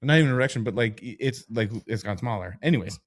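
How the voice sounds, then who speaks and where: A middle-aged man co-hosting a podcast in casual book club chat, frank and joking, his voice jumping high when he is incredulous. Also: expressive, quick pace. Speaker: podcast co-host.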